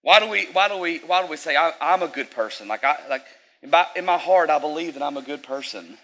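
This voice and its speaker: A man's voice: on the high side, lively intonation, fast talker, fairly bright tone, rough recording. A young man giving a casual, talkative sermon, full of fillers and asides to the audience.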